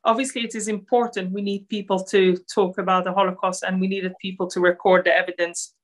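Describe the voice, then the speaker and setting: Earnest woman from israel doing a slide lecture, lots of ums, bright forward voice. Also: medium pitch. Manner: earnest, with frequent fillers. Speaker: lecturer at a Holocaust centre. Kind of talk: slide-based talk.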